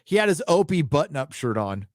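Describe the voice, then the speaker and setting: A man's voice: a little high, sing-song, a little fast, no room sound. Male stream host, offhand and rambling, casual swearing, dry close sound. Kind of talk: casual live-stream chat, reading donations. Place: home studio.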